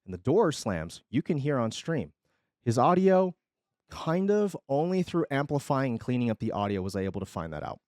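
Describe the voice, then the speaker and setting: A man's voice: mid-range voice, normal speed, dry recording. A male streamer talks straight to his chat about something that happened, rising and falling in volume as he tells it, and he swears freely. His voice sits mid-range on a close desk mic with a dry, tight sound. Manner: animated retelling, swings loud and quiet, swears freely. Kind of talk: casual storytelling to stream chat.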